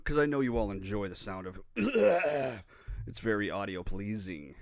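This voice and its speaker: A man's voice: on the low side, big pitch swings, unhurried, dry recording, studio quality. A man from Minnesota hosting a rambling, profane, self-deprecating solo podcast while playing guitar. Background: his own guitar playing.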